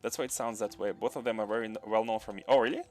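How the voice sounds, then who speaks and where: His voice sits on the low side, steady and a little mellow, delivered rapid-fire with faint music in the background. He's a Russian game streamer with a French-tinged Russian accent, casually muttering while building and answering chat.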